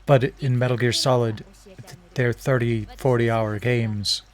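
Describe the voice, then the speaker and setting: A man's voice: mid-range voice, fairly even intonation, unhurried. A man livestreaming a game, chatting casually in a put-on British-leaning accent, rambling with many fillers and restarts. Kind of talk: casual gameplay commentary.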